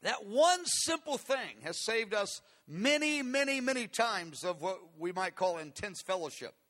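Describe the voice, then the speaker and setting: A man's voice: high voice, very animated, measured pace, fairly bright tone. A man preaching a conversational, earnest sermon, asking his listeners questions as he teaches. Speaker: pastor.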